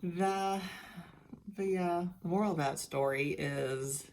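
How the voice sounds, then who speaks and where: A woman's voice: lowish voice, takes it slowly, darkish tone. A middle-aged woman giving a casual personal video update, chatty and candid with many restarts, sounding worn out. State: worn out and tired. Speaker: vlogger sharing a health journey.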